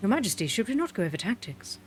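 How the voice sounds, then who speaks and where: A woman's voice: mid-range voice, big pitch swings, quick pace, soft background music, natural voice. A woman voicing a deferential male general addressing his king in a formal, subdued tone.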